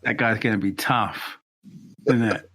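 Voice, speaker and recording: A man with an English accent chatting casually as a podcast co-host, halting and restarting often, with laughs between phrases. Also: lowish voice, fairly even intonation, fairly bright tone, breathy edge. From England. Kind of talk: casual chat.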